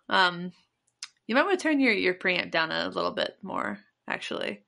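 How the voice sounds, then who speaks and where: A woman co-hosting a podcast in casual chat, quick and chatty as she asks her guest questions over a remote call setup. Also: fairly low pitch, sing-song, gravelly, sharp tone. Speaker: podcast co-host.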